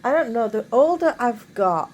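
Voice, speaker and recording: A woman's voice: a little high, lively intonation, moderate pace, darkish tone, rough recording. A woman chatting casually in her bedroom, rambling with many asides. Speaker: vlogger. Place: bedroom at home.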